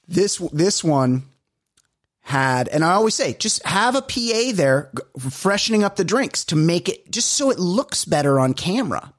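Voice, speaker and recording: A man co-hosting a podcast in casual chat, ranting in an animated way and swearing often. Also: medium pitch, no room sound, studio quality. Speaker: podcast co-host.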